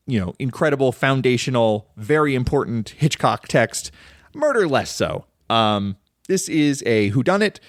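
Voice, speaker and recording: A man's voice: medium pitch, dry recording, clean studio sound. A man hosting a casual solo film podcast, rambling and enthusiastic, full of "like" and "um". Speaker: podcast host.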